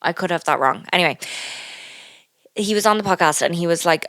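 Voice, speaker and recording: A woman's voice: lowish voice, fairly quick, pauses often, a bit bright, dry recording. A woman co-hosting a podcast, chatting casually with dry, sarcastic humour and ready laughter. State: new mother back from leave. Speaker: podcast co-host. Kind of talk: casual chat.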